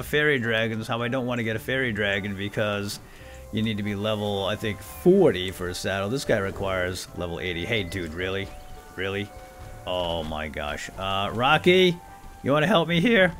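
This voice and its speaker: A man hosting a gameplay video, muttering quietly to himself and then shouting with excitement. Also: fairly low pitch, normal speed, faint music behind. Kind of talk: excited let's-play commentary.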